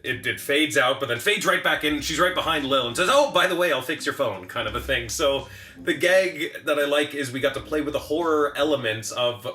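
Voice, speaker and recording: A man, a game developer, chatting casually in a relaxed way and thinking aloud with some hesitation. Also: mid-range voice, brisk, reverberant. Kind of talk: casual chat.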